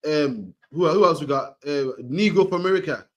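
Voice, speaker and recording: A man's voice: fairly high pitch, moderate pace. A man giving an emphatic preaching lecture, ending his lines with "man". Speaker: street preacher.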